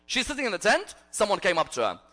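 Male preacher telling a story in a sermon, forceful bright voice, dramatic swings from loud to hushed. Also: sits high, wildly swooping pitch, fast.

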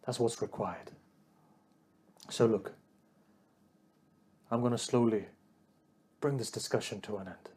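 A preacher delivers an emotional sermon straight to his congregation, building toward a raised, pleading delivery. His low voice is warm and slightly rough, measured in pace, with frequent pauses.

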